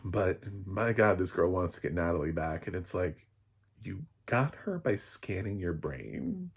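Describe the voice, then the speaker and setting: A man's voice: sits low, sing-song, a little slow, husky. A man, a film critic, giving a casual spoken recap of a TV episode in a rambling, chatty way with many fillers and chuckles.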